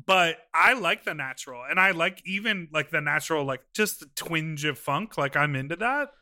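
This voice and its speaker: Rambling male podcast co-host with a very bright, slightly high voice. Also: expressive, normal speed. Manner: chatty, rambling, lots of fillers. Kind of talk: casual chat.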